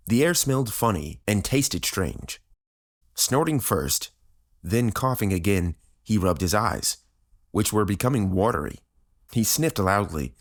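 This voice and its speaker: A man narrating an audiobook in a steady, even reading style. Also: low voice.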